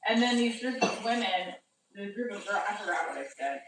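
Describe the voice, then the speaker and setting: A woman's voice: mid-range voice, expressive, fairly quick, a bit bright, roomy sound, far from the mic, poor audio. A woman comedian chatting casually on a live stream, rambling and cutting herself off as she tells a story. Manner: chatty, rambling, self-interrupting. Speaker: stand-up comedian.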